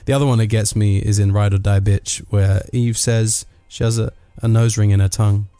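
A man's voice: on the low side, fairly even intonation, brisk, mellow, no echo, faint music behind. A man, delivering a sardonic, rambling comic monologue full of asides.

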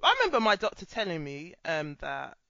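Lively, bright-voiced woman co-host. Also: deep voice, fairly quick, dry recording. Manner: laughs often, animated. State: coughing on and off. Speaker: podcast co-host. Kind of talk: casual chat. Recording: dry, slightly dull lo-fi audio.

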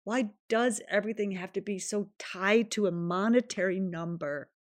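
A woman's voice: mid-range voice, moderate pace, no room sound. A woman hosting her own podcast, talking earnestly and emphatically in a reflective solo monologue, her voice shaking with emotion. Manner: earnest, emphatic, self-affirming. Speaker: podcast host.

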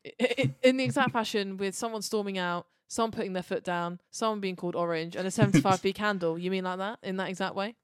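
A woman co-hosting a podcast in casual chat, animated and swearing, acting out characters' lines. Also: medium pitch, fast talker, hardly any pauses, clean tone, no room sound, studio quality. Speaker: podcast co-host.

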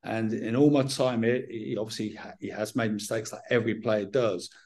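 A middle-aged man with a Southern English accent, a football manager answering interview questions frankly and in a measured way, often restarting his sentences. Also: on the low side, fairly even intonation, darkish tone. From England.

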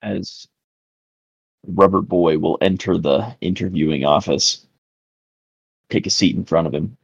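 A man in a tabletop game, offhandedly describing his character's actions. His voice sits fairly low. The audio is dull and lo-fi. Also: unhurried, creaky, breathy edge, no room sound. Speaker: player.

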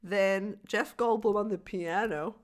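Woman, podcast co-host, excitable, sweary, does impressions. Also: mid-range voice, a little slow. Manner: excitable, swears freely, mimics people. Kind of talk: casual chat.

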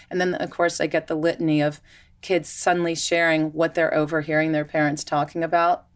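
A woman with a slightly low voice talks easily in casual conversation. She is a children's yoga teacher, and her stories come out animated and chatty. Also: fairly quick, smooth.

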